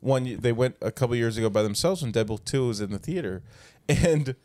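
A man hosting a casual podcast, telling stories in a lively, chatty way and acting out what people said. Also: mid-range voice, fairly quick, dry recording. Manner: animated storyteller, acts out quotes. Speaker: podcast host. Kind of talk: casual chat.

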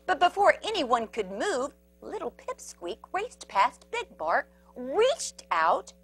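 A woman storyteller reading a picture book aloud to children, animated, with sound effects and asides about the pictures. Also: high-pitched, slow, faint music behind.

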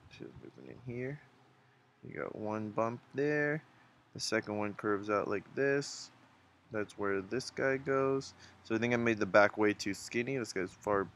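A man's voice: lowish voice, gravelly, a bit bright. Chatty man talking through a drawing. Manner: chatty and encouraging, thinks aloud while drawing. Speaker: art tutorial host. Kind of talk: casual drawing tutorial narration.

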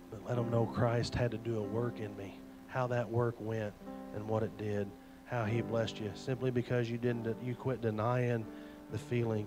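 A man, a youth pastor preaching an earnest, folksy sermon full of retold stories. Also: medium pitch. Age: 40s.

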